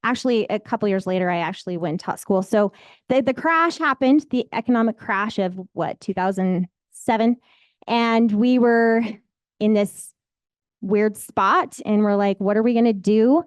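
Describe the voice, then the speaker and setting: A woman's voice: medium pitch, normal speed, clean tone, no echo. A woman, a real estate agent telling her own story in a candid, rambling, emotional way. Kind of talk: personal storytelling.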